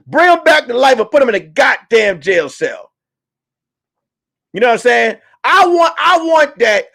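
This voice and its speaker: A man hosting a comedy talk stream, ranting loudly and profanely about the news. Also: very high voice. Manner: loud, animated, profane ranting. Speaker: comedian host. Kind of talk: comedic commentary.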